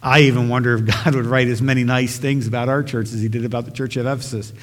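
Male pastor, mid-pitched, earnest emphatic sermon voice, long church reverb. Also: little pitch movement, fast. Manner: earnest, emphatic, repeats phrases for stress. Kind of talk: sermon with prayer. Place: church sanctuary.

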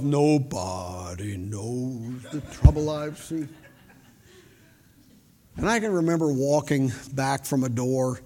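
An older man giving a sermon with folksy storytelling, shifting from loud emphasis to quiet, intimate moments. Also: medium pitch. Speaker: preacher. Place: large church hall. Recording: reverberant church hall.

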